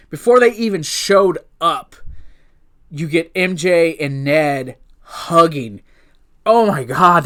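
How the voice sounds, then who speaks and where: An excitable man talks through a movie review off the cuff, ranging freely in pitch from low to high. He rambles, restarts sentences and swears freely, in the manner of a gushing fan. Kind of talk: casual unscripted review.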